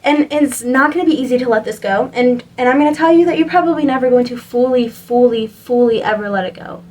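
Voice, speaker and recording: A woman's voice: fairly high pitch, fast, darkish tone, distant mic, low-quality recording. A young woman giving a spiritual reading to camera, earnest and encouraging, rambling with lots of "like"s. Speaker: spiritual reader.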